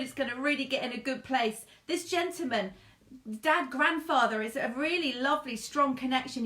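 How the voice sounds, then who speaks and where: A high-pitched woman speaks as a medium in a live online reading, gushing and repeating herself, calling people darling and sweetheart. The room echoes noticeably around her voice. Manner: warm, chatty, endearments to viewers; gushing, repetitive phrasing. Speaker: psychic medium.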